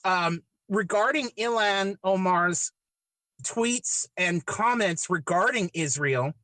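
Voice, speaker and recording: A man hosting a casual podcast who asks questions in a halting way, repeating words and hedging as he goes. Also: high-pitched, bright, forceful tone, dry recording, rough recording. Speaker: podcast host. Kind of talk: casual chat, asking questions.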